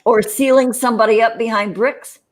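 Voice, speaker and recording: A woman co-hosting a casual livestream chat show, rambling with many restarts and quick laughs. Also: fairly high pitch, fairly even intonation.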